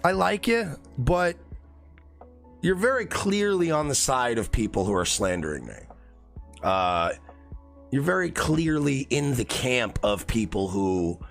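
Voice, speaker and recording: A man on a livestream, ranting and heckling in a loud, boastful, profane way. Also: medium pitch, lively intonation, a little slow, gravelly, soft background music.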